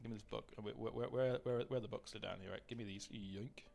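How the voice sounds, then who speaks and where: A man's voice: lowish voice, fairly even intonation, quick pace, creaky, darkish tone, slight background noise. A man chatting casually to his live-stream audience while gaming, rambling, swearing and greeting viewers by name.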